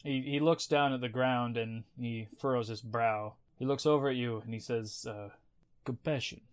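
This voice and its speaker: Male GM, relaxed wry narration, ordinary mid pitch. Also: normal speed, clean tone. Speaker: game master. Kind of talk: narrating a tabletop game.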